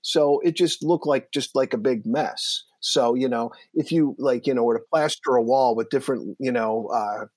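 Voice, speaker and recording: A man's voice: medium pitch, moderate pace, few pauses, a little mellow, dry recording. A man in his forties hosting a casual podcast, wry and explanatory, who swears casually. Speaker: podcast host. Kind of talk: casual chat.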